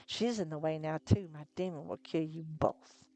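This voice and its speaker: A faceless shadow phantasm from a storybook, voiced by a woman reader, slow and supremely confident. Its sneering threats come in a lowish register. At moments the timbre turns strange and distant. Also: dark tone. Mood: sneering menace. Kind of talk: live reading of a novel.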